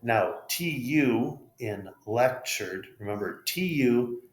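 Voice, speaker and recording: Slow, patient American man teaching pronunciation. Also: medium pitch, expressive. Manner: slow, patient, spells out letters and models words. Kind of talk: pronunciation lesson. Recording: roomy echo.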